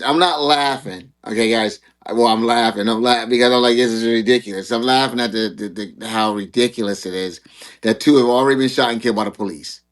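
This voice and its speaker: A man hosting a casual online panel discussion, rambling, repeating words and laughing at himself. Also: medium pitch. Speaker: show host.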